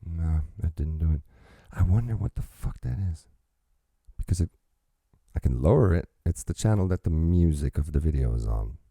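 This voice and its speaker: Brief: male reaction host, extremely deep, gravelly, profane casual commentary, dry close sound. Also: expressive, dark tone, dry recording. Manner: profane, pauses music to quote and comment.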